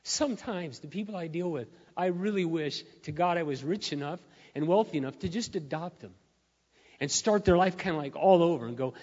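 A man preaching a sermon in a church, telling stories and building to loud, emphatic peaks. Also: fairly high pitch, a little fast. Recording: dull sound with long hall reverb.

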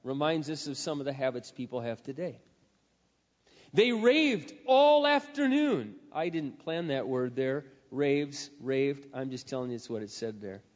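A man preaching a sermon, telling a scripture story dramatically and swinging between loud passages and hushed asides. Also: mid-range voice, normal speed, hardly any pauses. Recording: reverberant hall, dull lo-fi sound.

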